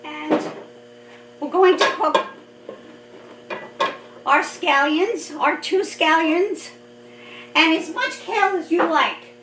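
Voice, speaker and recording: A woman's voice: very high-pitched, fairly bright tone, a little hiss or hum. A woman hosting a home cooking video, talking in a chatty, cheerful way and laughing often as she cooks. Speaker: cooking vlog host. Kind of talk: casual cooking demonstration. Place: home kitchen. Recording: roomy kitchen sound from a distant mic.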